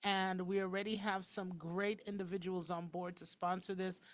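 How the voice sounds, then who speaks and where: A woman hosting a talk show, talking quickly and emphatically in a casual, outspoken way. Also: lowish voice, little pitch movement.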